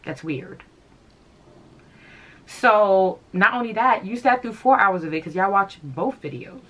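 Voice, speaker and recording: A woman's voice: mid-range voice, lively intonation, measured pace, a bit bright. A woman in her thirties ranting casually to her camera in a sassy, confrontational way, breaking into laughter now and then. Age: 30s. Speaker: fashion vlogger.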